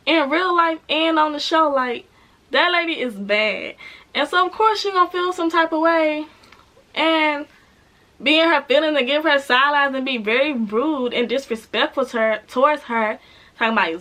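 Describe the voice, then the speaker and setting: A TV show reviewer with a high voice recaps an episode at normal speed in a casual, animated way. She chats and laughs, acting out the characters' lines as she speaks.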